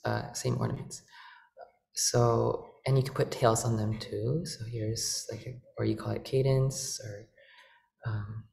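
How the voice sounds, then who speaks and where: A man presenting an organ workshop, explaining in a halting way with many fillers. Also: medium pitch, gravelly. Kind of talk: lecture demonstration. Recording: roomy, with organ music.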